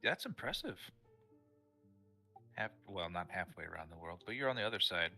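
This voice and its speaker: A man chatting casually as a podcast guest, laid-back and quick to laugh. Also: low-pitched, creaky, pushed and bright, faint music behind. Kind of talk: casual chat.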